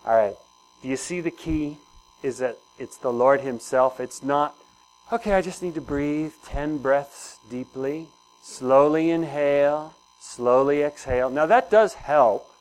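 A man's voice: fairly high pitch, measured pace, darkish tone, rough recording. A man preaching a sermon in a conversational way, asking the congregation questions and repeating key phrases. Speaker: pastor.

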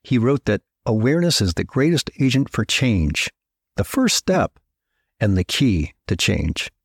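A middle-aged man hosting a podcast, telling stories in a measured, reflective scripted narration that slows down to stress key words. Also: lowish voice, sing-song, breathy edge, no room sound, clean studio sound. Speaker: podcast host.

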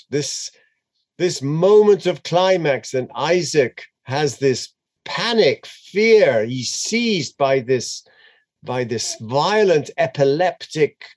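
Animated man chanting and explaining scripture. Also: fairly high pitch. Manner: chants Hebrew verses then translates, dramatic and expressive. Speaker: Torah teacher. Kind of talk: animated text study lesson.

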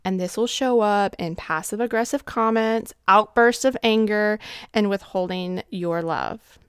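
A woman's voice: mid-range voice, smooth, no room sound, studio quality. A woman in her thirties hosting a faith-based relationship podcast, telling stories animatedly and acting out little scenes. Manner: animated storytelling, acting out scenes in quick asides. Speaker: podcast host.

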